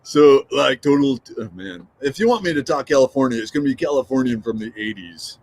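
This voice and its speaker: A middle-aged man hosts a casual morning livestream, joking and reading viewer notes aloud. His voice swings widely in pitch as he rambles along. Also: expressive, quick pace, darkish tone, breathy edge. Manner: chatty, joking, reads out viewer comments. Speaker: livestream host.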